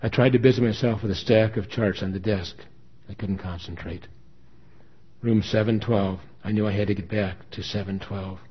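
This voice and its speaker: Earnest male story narrator, low and husky; lo-fi recording. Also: fairly even intonation, moderate pace. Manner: earnest, emotional reading. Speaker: story reader. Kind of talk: dramatic first-person story narration. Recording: dull lo-fi recording.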